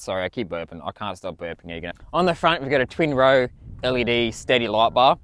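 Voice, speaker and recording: A man's voice: on the low side, a little fast, fairly bright tone, clean tone. A man walking through his vehicle build in a casual, enthusiastic way, swearing freely. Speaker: vlogger.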